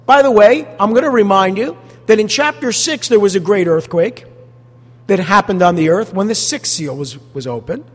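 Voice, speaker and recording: A man preaching a sermon as pastor, animated and full of rhetorical questions to the congregation. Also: high-pitched, normal speed, big-room sound.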